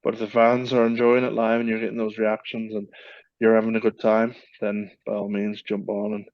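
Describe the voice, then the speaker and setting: A man's voice: lowish voice, completely flat delivery, a little fast, no echo, dull audio. A man from Newfoundland with a slight Irish-sounding Newfoundland accent, speaking as a guest in an easygoing podcast interview and often repeating his phrases. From Newfoundland, Canada. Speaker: guest, professional wrestler.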